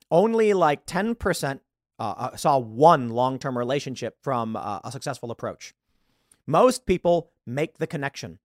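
A man's voice: a little high, no echo, studio quality. A man hosting a live show in a casual, rambling monologue, acting out little dialogues. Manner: animated, acts out quoted dialogue in changing voices; rambling, with frequent restarts. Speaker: podcast host.

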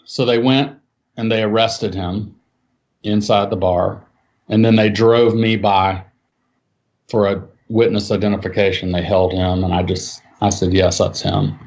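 Man telling a tense story, lo-fi. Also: measured pace. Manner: animated, acts out quotes with raised pitch. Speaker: eyewitness recounting a story. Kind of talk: casual spoken storytelling. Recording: dull lo-fi sound.

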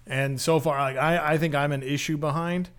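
A man's voice: on the high side, steady tone, moderate pace, a bit bright, clear, resonant tone. A man co-hosting a podcast in casual chat, talking in an enthusiastic, rambling way with many fillers. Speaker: podcast co-host.

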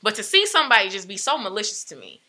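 A young adult woman talking in casual chat, telling a personal story with emphatic, animated delivery. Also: mid-range voice, fast talker.

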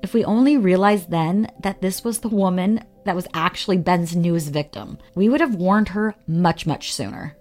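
A woman co-hosting a podcast, reading scripted narration in a measured, read-aloud way. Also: on the low side, darkish tone, faint music behind. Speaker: podcast co-host.

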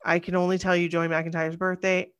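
A woman's voice: lowish voice, little pitch movement, brisk, smooth, dry recording. Tired, rambling woman podcast co-host. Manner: chatty, rambling, self-correcting. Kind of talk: casual chat.

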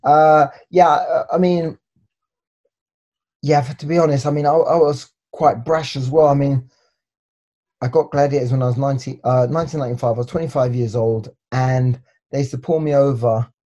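An English man in his forties talks as an interview guest, his voice warm and mellow. He stumbles and repeats words as he searches for them. His anecdotes pick up life as he acts them out. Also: medium pitch, moderate pace. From England. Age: 40s. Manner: hesitant, repeats words, lively storytelling. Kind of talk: casual interview chat.

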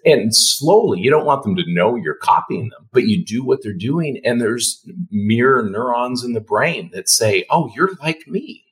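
A man, a dentist, talking calmly and soothingly as a guest in a casual podcast conversation. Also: mid-range voice. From Canada. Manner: calm, soothing, unhurried.

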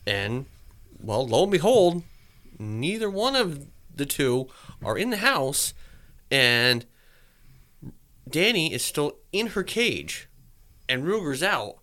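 A man's voice: fairly high pitch, big pitch swings, slow pace, pauses often, bright, forceful tone. A man casually telling a long story, rambling and swearing, and acting out his own thoughts.

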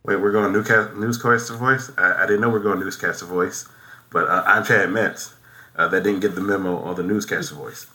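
A man co-hosting a casual movie podcast, talking things through in a halting, musing way. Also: deep voice, steady tone, pushed and bright. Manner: halting, many fillers and restarts, musing. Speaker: podcast co-host.

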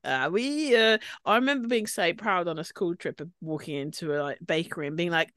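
A playful woman co-hosting a podcast, laughing easily as she tells stories. Her pitch swings widely and brightly. The sound is dry and close. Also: moderate pace, hardly any pauses, no room sound. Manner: giggly, playful, lively. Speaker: podcast co-host. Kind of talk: casual chat.

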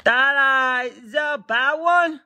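A high-pitched, whiny toddler boy asking babyish questions, as a male comedian puts him on. It is a squeaky, childish put-on voice in a comedy routine. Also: takes it slowly, pushed and bright, dry recording, full character voice. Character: whiny little boy on the changing table.

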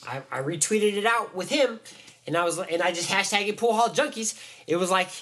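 A man's voice: high voice, brisk, fairly bright tone. Rambling man talking boxing. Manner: rambling, many restarts and fillers. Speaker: podcast co-host. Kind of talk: casual sports chat.

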